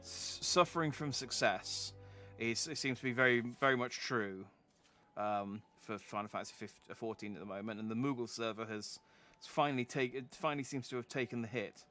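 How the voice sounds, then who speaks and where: A man's voice: mid-range voice, a little fast, pushed and bright, faint music behind. A man streaming a video game, chatting casually and rambling, often restarting his sentences. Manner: rambling, self-interrupting, chatty. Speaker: vtuber streamer.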